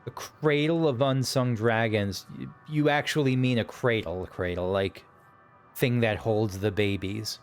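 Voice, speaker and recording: A tired man hosts a let's play and rambles in casual commentary, restarting and correcting himself as he thinks aloud. His voice sits in an ordinary middle pitch, with faint game music behind. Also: a little slow. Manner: rambling, hesitant, self-correcting.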